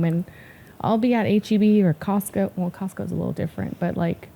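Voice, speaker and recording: A woman's voice: medium pitch, a little fast, creaky, dark tone. A woman in her forties, a hairstylist guest, telling stories in casual podcast chat and swearing freely. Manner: chatty, swears casually, storytelling.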